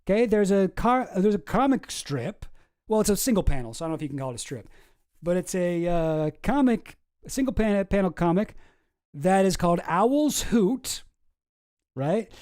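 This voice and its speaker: Sarcastic rambling man, mellow voice. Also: high voice, big pitch swings, moderate pace. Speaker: host. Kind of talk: casual commentary.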